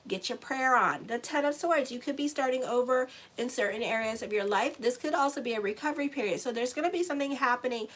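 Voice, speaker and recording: A woman astrologer talks her viewers through a monthly tarot spread in a loose, chatty way. Her voice sits a little high, and she is blunt and sassy, often checking in with "okay?" and calling her viewers "y'all". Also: quick pace, few pauses, rough recording.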